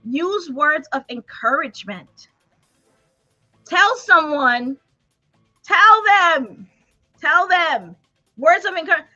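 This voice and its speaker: A woman's voice: high-pitched, lively intonation, takes it slowly, sharp tone, lo-fi sound, soft background music. A woman hosting a motivational talk, emphatic and preacher-like, laughing often. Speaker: host.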